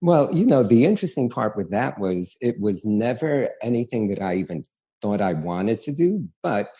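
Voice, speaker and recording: A gravelly, husky man tells stories in a lively, chatty way. His voice sits low and mellow. The audio sounds dull and lo-fi, as if over a remote line. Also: normal speed. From New York City. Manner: animated, chatty, frank storyteller. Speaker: guest. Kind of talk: candid storytelling interview.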